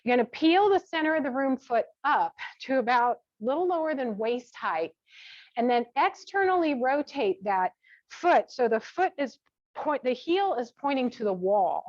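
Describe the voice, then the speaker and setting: Lady yoga teacher calling out poses, friendly little asides, flat muffled sound. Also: sits high, normal speed, no room sound. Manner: gentle, cueing step by step with chatty asides. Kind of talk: guided yoga class instruction. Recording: dull, dry lo-fi sound.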